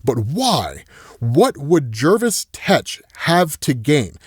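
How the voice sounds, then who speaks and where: A man voicing a grim male vigilante detective, speaking in a low, measured way. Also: big pitch swings, breathy edge, no room sound, studio quality, heavily acted. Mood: grim, deducing.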